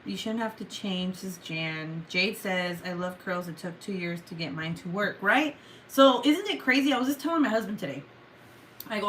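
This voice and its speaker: On a rough recording with slight background noise, a woman speaks at medium pitch with a fairly bright tone. She hosts a livestream chat, reading out viewer comments with plenty of "like," "um" and profanity, in the Mexican Spanish accent of a native Spanish speaker.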